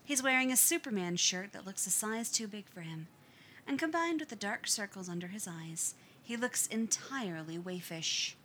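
A woman reading a fan fiction story aloud in an expressive audiobook style. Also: medium pitch, moderate pace, slight background noise. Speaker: story reader.

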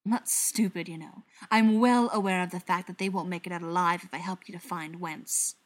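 A woman's voice: on the low side, steady tone, moderate pace, close to an everyday voice. A woman reading an audiobook, voicing a cool, haughty male vampire who speaks in clipped, sarcastic lines. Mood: cold.

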